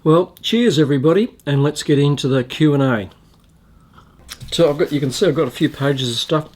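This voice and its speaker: A man with an Australian accent, a food reviewer and channel host, runs a casual taste-test vlog, chatting and rambling with plenty of ums and restarts. His voice is medium-pitched and a little mellow.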